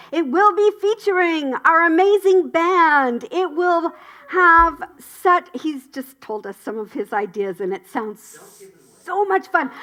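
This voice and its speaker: Woman announcer for a spiritual community gathering: high, bright voice, unhurried delivery, warm cheering enthusiasm. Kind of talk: upbeat church announcements.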